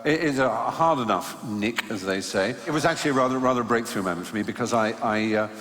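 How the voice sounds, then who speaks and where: A man telling self-mocking anecdotes on a theatre stage in a wry, halting way. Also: medium pitch, fairly bright tone. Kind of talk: live storytelling conversation. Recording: echoey hall, live venue ambience.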